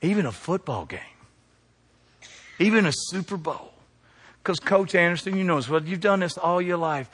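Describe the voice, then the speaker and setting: A middle-aged man preaching a sermon, swinging from hushed to loud. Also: a little high, lively intonation, normal speed, breathy edge, big-room sound. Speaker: pastor.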